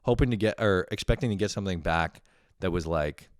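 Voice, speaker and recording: A young man from Canada rambles on in a loose, profane monologue, swearing freely and getting animated when he tells a story. His voice sits very low and smooth. The sound is dry and close. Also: brisk, no echo. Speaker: vlogger.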